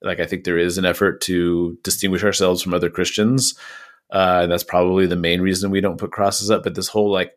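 A man's voice: low-pitched, steady tone, fast. A young adult man co-hosting a casual podcast discussion, rambling with many fillers and restarts. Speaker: podcast co-host.

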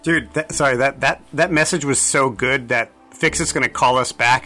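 A man playing a tabletop role-playing game, who talks in an excitable, animated way. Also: medium pitch, moderate pace, hardly any pauses, soft background music. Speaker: player.

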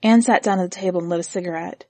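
Woman narrator, husky tone, dry close sound, steady storybook reading. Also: on the low side, rapid-fire, no room sound.

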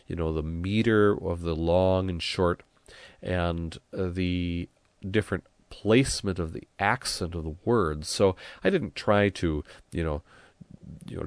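A soft-spoken man teaching, reading a Latin hymn aloud and explaining its meter in a measured way. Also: deep voice, dry recording.

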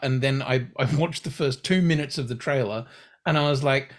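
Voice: mid-range voice, normal speed. A podcast co-host in casual chat, telling stories with acted-out reactions. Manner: animated storytelling with acted-out reactions.

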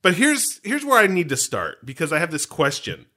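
A man co-hosts a casual podcast and recaps a film scene by scene, full of jokes and rambling asides. His voice sits a little high and swings widely in pitch. The tone is bright and forward. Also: normal speed. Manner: animated, joking, rambling asides. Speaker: podcast co-host.

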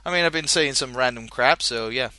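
A man's voice: medium pitch, fairly quick, bright, forceful tone, no room sound. A man hosting a podcast, chatting casually and jokily, rambling with many fillers. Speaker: podcast host. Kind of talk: casual chat.

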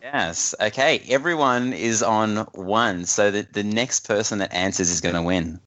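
A man's voice: fairly low pitch, unhurried, a bit bright. A man hosting a casual quiz on a podcast, often laughing as he reads the questions. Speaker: quiz host.

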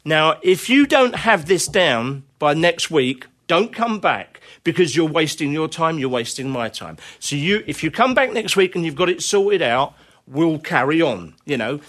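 A man's voice: a little high, lively intonation, unhurried, a bit bright. Chatty man spinning rambling anecdotes. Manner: rambling anecdotes with many fillers and laughter. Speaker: interview guest, drummer. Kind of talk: casual conversational storytelling.

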